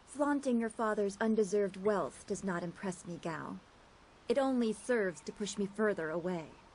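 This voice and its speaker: A woman's voice: medium pitch, lively intonation, darkish tone, a little hiss or hum, natural voice, low-quality recording. A woman voicing a cool, poised young seer. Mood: disdainful. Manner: cool, measured and dryly cutting. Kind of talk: video game voice acting. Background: game music.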